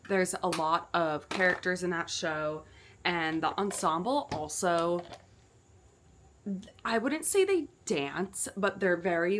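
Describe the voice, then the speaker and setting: A young woman chats straight to her camera in a relaxed vlog, her voice sitting a little low. She talks loosely and keeps dropping in "like" as she goes. The tone is casual and personal. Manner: chatty, with frequent "like" fillers. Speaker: actor and vlogger.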